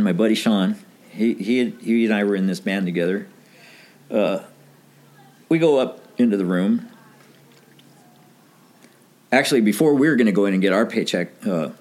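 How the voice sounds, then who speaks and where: A middle-aged man casually telling a story from his band days, acting out the dialogue and laughing now and then. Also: on the low side. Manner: animated anecdote with quoted dialogue, laughs often.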